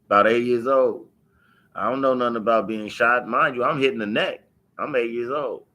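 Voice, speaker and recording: A man's voice: medium pitch, normal speed, sharp tone. A man, telling his own life story to camera in an emphatic, profane way, repeating key phrases. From Los Angeles. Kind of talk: unscripted personal storytelling.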